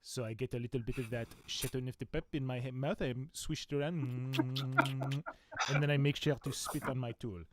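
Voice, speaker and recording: A man's voice: medium pitch, steady tone, moderate pace, over a noisy crowd, natural voice. A man putting on a pompous French sculptor. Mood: grandiose. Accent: put-on French. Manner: theatrical, grandiose, exaggerated.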